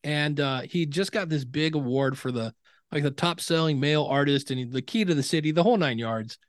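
A middle-aged podcasting expert is a guest in a casual interview, animatedly telling stories and acting out quoted dialogue. His voice is on the high side and a little fast, recorded in studio quality with no echo.

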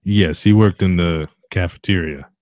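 A man's voice: deep voice, moderate pace, darkish tone. A man hosting a comedy interview, asking earnest, probing questions with a straight face. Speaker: interviewer host.

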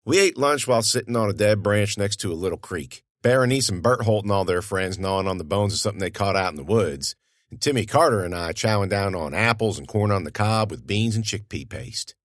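A man's voice: fairly low pitch, lively intonation, brisk, no room sound, studio quality. A man narrating an audiobook in a folksy, conversational storytelling manner.

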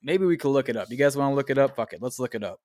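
A man's voice: medium pitch, expressive, very fast, a little mellow, dry recording, studio quality. A man hosting a solo podcast, thinking aloud in a rambling, profane way and reading search results aloud. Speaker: podcast host. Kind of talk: casual solo podcast talk.

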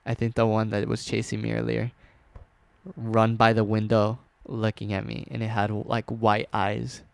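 A man's voice: on the low side, completely flat delivery, moderate pace, gravelly, clean tone, no room sound. A young man telling a story in a casual chat, loose and slangy, with plenty of swearing and filler words.

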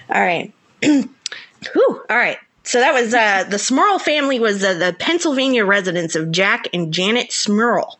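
A woman with a Southern US accent co-hosting a podcast in giggly, animated, casual chat. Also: medium pitch, moderate pace. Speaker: podcast co-host.

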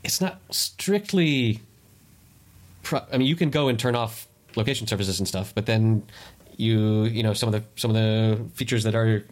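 A man with a fairly low voice chats casually on a podcast. He explains at length, stumbles and restarts his sentences as he goes. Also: normal speed, a little mellow. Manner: rambling, self-correcting, explains at length. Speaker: podcast co-host. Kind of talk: casual chat.

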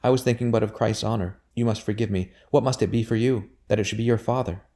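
A man voicing an earnest, devout young gentlewoman in an audiobook, with raised, pleading intensity. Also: low voice, fairly even intonation, fast talker, close to an everyday voice.

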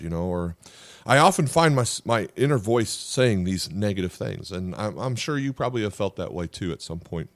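A man's voice: fairly low pitch, lively intonation, brisk, dry recording. A middle-aged man, a pastor and podcast host, giving a sermon in an earnest, conversational way, with frequent "uh" fillers and restarts.

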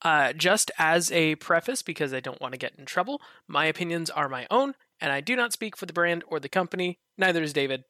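Lively bright-voiced young man. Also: on the high side, fairly quick, few pauses, no room sound, studio quality. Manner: cautious, agreeable, lots of mm-hmms. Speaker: podcast co-host. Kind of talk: casual chat.

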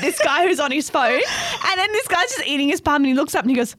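A woman's voice: high-pitched, fast talker, hardly any pauses. A young Australian woman co-hosting a podcast, telling stories in casual chat and laughing often. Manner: animated storytelling, frequent laughing, swears. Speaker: podcast co-host.

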